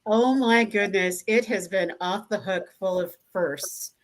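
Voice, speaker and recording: A woman co-hosting a live show over a video link, chatting warmly with frequent ums. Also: medium pitch, measured pace. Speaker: district governor and co-host. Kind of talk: casual chat on a live show.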